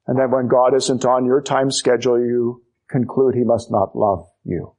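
A man's voice: mid-range voice, little pitch movement, moderate pace, warm tone. A man preaching an expository sermon, emphatic, building his points through repetition.

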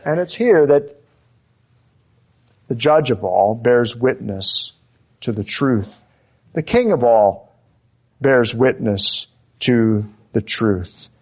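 A man preaching an expository sermon, emphatic and deliberate, repeating key phrases for stress. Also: medium pitch, expressive, a little mellow, breathy edge.

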